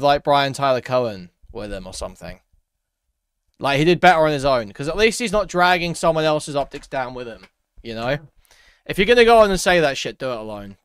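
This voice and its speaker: A man's voice: medium pitch, fairly bright tone, clean tone, no room sound, studio quality. A man streaming live, giving casual commentary in a rambling, profane way while reading chat aloud.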